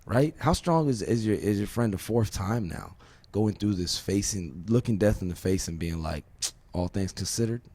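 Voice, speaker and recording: Low-voiced dude from virginia hosting a podcast, rambly, swears a lot, keeps asking "right?". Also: male voice, moderate pace, mellow, husky, no echo. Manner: emphatic, rambling, swears, rhetorical questions. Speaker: podcast host. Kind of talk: casual podcast conversation.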